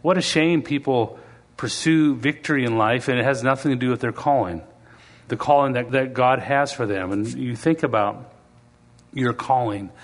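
A man preaching a sermon in a conversational way, now and then acting out quoted voices and reading scripture slowly. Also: medium pitch. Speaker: pastor.

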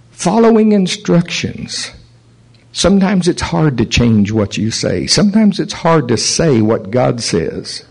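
A man's voice: mid-range voice, poor audio. Male preacher telling stories in a sermon. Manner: animated storytelling, chuckles at his own stories. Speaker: pastor.

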